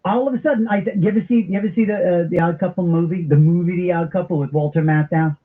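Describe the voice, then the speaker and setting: A middle-aged man hosting a talk radio show, telling stories in an animated, comic way. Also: high voice, fast talker. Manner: animated storyteller with comic impressions. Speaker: radio host. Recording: tinny phone-like broadcast audio.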